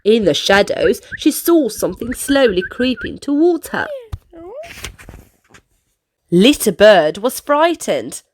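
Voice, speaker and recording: A woman reading picture books aloud to children in an animated, sing-song way. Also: mid-range voice, takes it slowly, long pauses, a little hiss or hum. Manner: animated, sing-song, playful sound effects. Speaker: storyteller. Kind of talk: picture-book read-aloud for kids.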